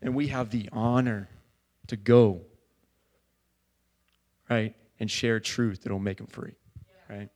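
A man preaching a sermon in a church, talking casually with many fillers and building to loud fervor. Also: fairly low pitch, steady tone, slow, long pauses. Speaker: pastor.

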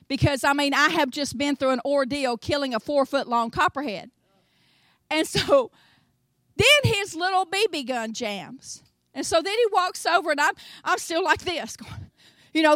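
An older woman with a Tennessee accent, preaching a sermon in an animated storytelling way, acting out voices and swinging between soft asides and loud exclamations. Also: high voice, no echo. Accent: Southern US, Tennessee.

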